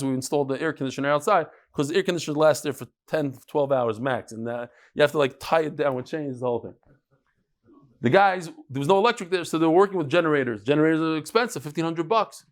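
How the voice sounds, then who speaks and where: A man teaching a Talmud class, telling stories with animated delivery and jumping between voices. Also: a little high. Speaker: Talmud lecturer. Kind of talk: lively storytelling lecture.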